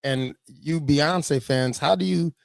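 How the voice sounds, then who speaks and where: Gravelly man giving blunt preachy commentary. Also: a little high, slow pace, very noisy. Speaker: pastor.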